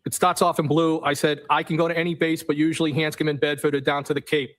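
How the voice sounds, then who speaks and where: A man on the witness stand, reading text messages aloud in a matter-of-fact way and saying the punctuation marks out loud. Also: a little high, level tone, fast, low-quality recording. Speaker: trial witness.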